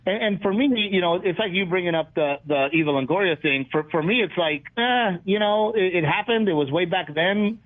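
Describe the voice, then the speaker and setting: A man, a comedian guest in a casual interview, telling lively stories and acting out what people said. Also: high-pitched, a little fast, hardly any pauses. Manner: animated storyteller, acts out quotes. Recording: tinny phone-like line.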